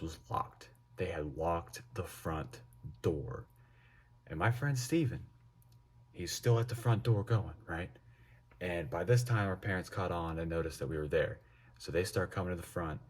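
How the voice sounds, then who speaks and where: A young man telling a casual storytime with lots of swearing and animated delivery. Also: low-pitched, husky. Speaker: vlogger.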